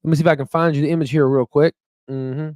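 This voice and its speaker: A man's voice: a little high, fairly even intonation, fast talker, a little mellow, no echo. Chatty rambling man, dry close sound. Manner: chatty and rambling, with laughs and fillers. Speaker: stock market channel host. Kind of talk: casual livestream chat. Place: staying in Memphis, Tennessee. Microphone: on Wi-Fi stream.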